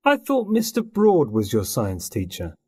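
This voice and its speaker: Guy doing a husky schoolboy asking questions, voice goes all over the place, dry. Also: mid-range voice, huge pitch swings, unhurried, mellow, no room sound, exaggerated voice. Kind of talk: textbook audio dialogue.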